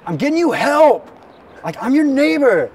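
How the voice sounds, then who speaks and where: A man voicing a frantic, scruffy woman who claims to be a neighbor, yelling insistently, recorded outdoors with street noise behind. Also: very high voice, lively intonation, a little fast, voice pushed up.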